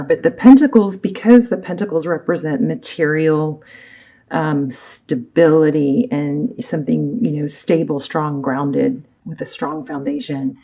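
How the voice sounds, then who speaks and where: Chatty woman reading tarot, mellow low voice. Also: rough recording. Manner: chatty, rambling, easily distracted, many fillers. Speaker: tarot reader. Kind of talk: casual tarot reading to camera. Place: home room with her dog.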